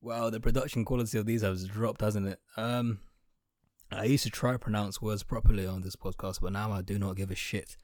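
A man's voice: lowish voice, steady tone, a little fast, darkish tone, no room sound, clean studio sound. A young man, ranting sarcastically on his podcast from his room, swearing freely and trailing off into mumbled asides. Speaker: podcast host. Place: home room.

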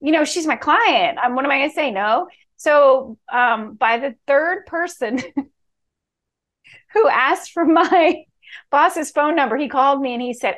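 A middle-aged woman from Key West, a real estate executive telling stories in a bubbly, animated way as a podcast guest. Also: high voice, slow pace. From Key West, Florida. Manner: bubbly, animated, acts out quoted voices. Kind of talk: casual storytelling interview.

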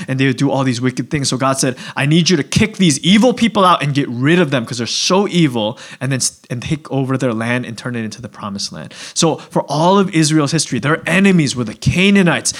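A man preaching a sermon to a room of people, animated, moving from loud excited bursts to quiet low passages. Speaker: pastor. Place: church hall.

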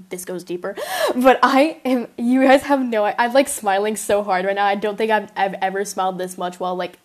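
Young female podcast host, giggly and gushing, full of fillers and quick apologies. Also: mid-range voice, darkish tone. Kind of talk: casual chat.

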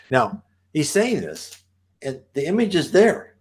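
A man reading aloud from an old spiritual book, breaking off to explain passages in a halting, animated way. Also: on the high side, husky. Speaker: reader and commentator.

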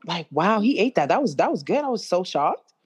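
A young woman in casual chat, slangy and blunt. Her voice sits fairly low but swings widely in pitch. She sounds animated and outspoken. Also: fairly quick, slightly rough. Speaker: co-host.

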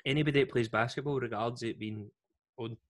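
A Scottish man telling a story in a casual podcast chat, lively and slangy, acting out the voices of the people in it. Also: medium pitch, a little fast.

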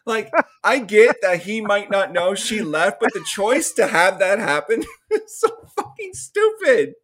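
A man's voice: high-pitched, sing-song, a little slow, a bit bright, a little hiss or hum. A young man co-hosting a casual film review podcast, recapping scenes and acting out characters' lines between laughs. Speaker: podcast co-host.

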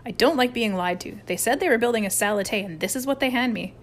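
A woman's voice: on the high side, fast talker, slight background noise, natural voice. A woman voicing an angry, bellowing male camp counselor in a storybook reading. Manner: shouting, furious.

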